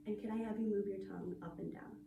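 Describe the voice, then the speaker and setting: A woman working as a speech-language clinician who guides an exam in a calm, patient, step-by-step way. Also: mid-range voice, quick pace, vocal fry, narrow, tinny audio, background noise. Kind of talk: clinical assessment and discussion. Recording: roomy audio from a distant mic.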